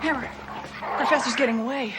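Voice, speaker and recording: An actress playing a sharp-minded female detective who reasons crisply and insistently, in a 1980s TV comedy. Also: high-pitched, brisk, loud music behind the voice, natural voice, rough recording.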